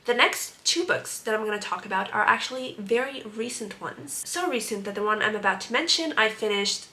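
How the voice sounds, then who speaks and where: A woman's voice: medium pitch, brisk, pushed and bright. A young woman giving a casual, sarcastic and exasperated book review as the host of her channel.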